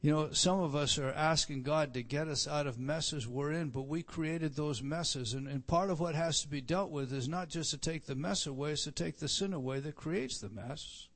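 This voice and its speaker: A middle-aged man preaching a sermon, repeating phrases for emphasis and swinging from loud declarations to soft asides. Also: fairly high pitch, moderate pace, few pauses. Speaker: pastor.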